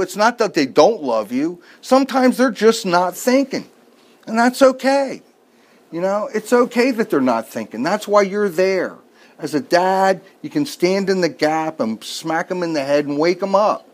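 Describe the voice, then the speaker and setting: A man's voice: high-pitched, animated, measured pace. A middle-aged man preaching a sermon, telling a family story with folksy jokes and asides.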